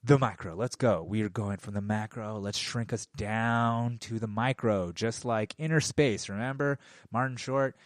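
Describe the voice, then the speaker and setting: A man's voice: fairly low pitch, moderate pace, no echo. Forty-ish guy ranting into his mic, swearing nonstop, dry close sound. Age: 40s. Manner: profane, heated, swears constantly. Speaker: podcast host. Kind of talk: casual rant. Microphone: studio microphone.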